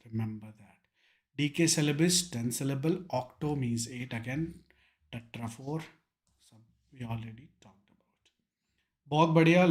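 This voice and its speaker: A young man with an Indian English accent teaching an online exam revision lecture, drilling key terms with emphasis and mixing in Hindi words. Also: mid-range voice.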